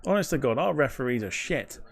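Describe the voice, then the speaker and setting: A man hosting a live football watchalong, reacting loudly and swearing at every refereeing decision. His voice sits at an everyday middle pitch. He rants in a heated, profane way. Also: expressive, fairly quick, gravelly. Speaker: watchalong host.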